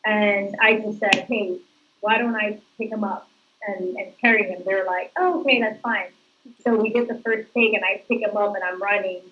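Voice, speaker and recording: A woman's voice: medium pitch, dull audio. A woman actress giving casual, chatty interview answers, laughing as she tells stories. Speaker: actress guest.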